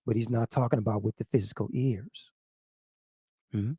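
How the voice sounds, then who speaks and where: A man teaching in a sermon style, reading passages aloud and explaining them, who keeps asking "what?" and "huh?" and repeats phrases, swinging from loud to quiet. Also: mid-range voice, lively intonation, normal speed, husky, no room sound, studio quality.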